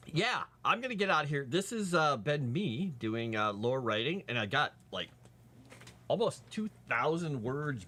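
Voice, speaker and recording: A man's voice: medium pitch, fairly bright tone, slight background noise. A man streaming live, talking casually to his viewers in a rambling, chatty way, full of fillers and asides.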